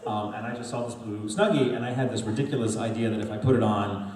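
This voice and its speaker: A man who voices cartoon roles, telling animated, laughing stories at a fan Q&A panel in a big hall. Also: fairly low pitch, fast talker. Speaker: voice actor panel guest. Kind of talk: storytelling Q&A panel. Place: large convention panel hall. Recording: echoey hall, distant mic, heavy noise.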